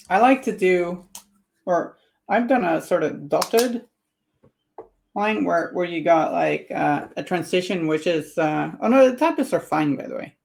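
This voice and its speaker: A woman's voice: on the low side, creaky, a little mellow. A woman chatting casually on a live stream while painting miniatures and answering viewer comments.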